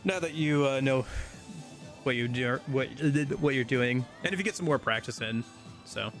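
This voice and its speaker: A man's voice: mid-range voice, moderate pace, fairly bright tone, soft background music. A man streaming a video game, chatting casually and rambling with lots of fillers and restarts. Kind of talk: casual gameplay chat.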